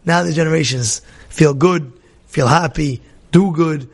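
Teaching a Torah class at a measured pace, a man with a slightly high voice narrates in an animated storytelling style. He acts out dialogue with many restarts, his volume going from loud to soft.

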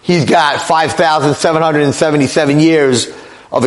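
A middle-aged male rabbi telling a dramatic story in a sermon, with animated delivery. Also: on the high side, normal speed. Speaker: rabbi lecturer.

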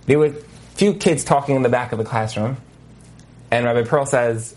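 A man teaching as a marriage coach in a lecture over a video call, telling stories with lively asides and many fillers. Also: medium pitch, normal speed, pauses often. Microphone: video call mic.

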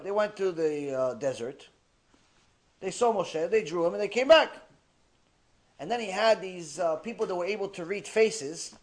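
A man delivering a religious ethics lecture, telling stories in an animated way and mixing in Hebrew terms. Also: on the high side. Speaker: Torah lecturer.

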